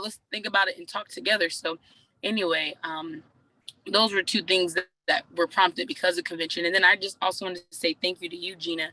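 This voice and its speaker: A woman's voice: fairly low pitch, steady tone, brisk, sharp tone, low-quality recording. A woman on a group call telling a chatty story, acting out what people said. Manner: chatty, acts out quoted dialogue. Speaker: team member sharing a story.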